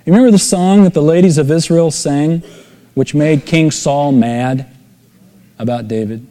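A man's voice: on the high side, moderate pace, dark tone. A middle-aged man preaching a sermon, telling stories and acting out the voices in them with sudden emphatic rises. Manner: storytelling, acts out quoted voices with emphatic rises. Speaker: pastor. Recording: long hall reverb.

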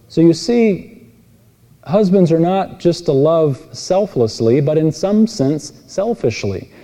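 A man preaching an expository sermon, telling stories with voiced characters and moving between emphatic and quiet delivery. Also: on the high side. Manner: animated storytelling with voiced characters. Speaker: pastor. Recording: long reverb in a large hall.

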